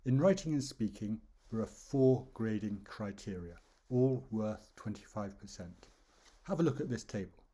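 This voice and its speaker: Low, husky teacher explaining. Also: male voice, expressive, warm tone. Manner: measured, explanatory, stresses key words. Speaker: English exam teacher. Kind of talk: explanatory lesson narration.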